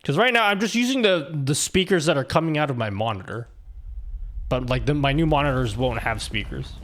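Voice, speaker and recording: A man's voice: mid-range voice, animated, fairly quick, a bit bright. A young man live streaming, chatting casually with his viewers and reading their messages aloud, in a loose, rambling, profane way. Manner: laid-back and profane, rambling with restarts and laughs.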